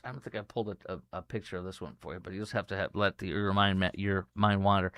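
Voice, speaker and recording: A man hosts a talk show in a smooth, resonant voice. He reads news items aloud, then breaks off with incredulous asides. The sound is close and dry. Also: lowish voice, quick pace, hardly any pauses, a bit bright, no echo. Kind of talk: casual news commentary.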